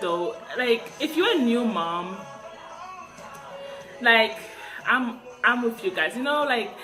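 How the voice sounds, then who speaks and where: Sex: woman. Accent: African. Tone: high and animated. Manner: animated, laughs often, repeats words. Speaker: vlogger. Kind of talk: casual storytelling to camera.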